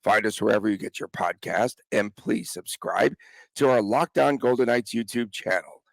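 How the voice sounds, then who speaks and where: A man's voice: fairly low pitch, moderate pace, creaky, dry recording. A man with a cold hosting a casual sports podcast, chatting with his co-host and reading the intro. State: has a cold.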